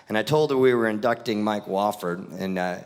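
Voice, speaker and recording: A man introducing a speaker at an awards ceremony with lively, animated storytelling. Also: lowish voice, fairly quick, clear, resonant tone. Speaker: ceremony emcee.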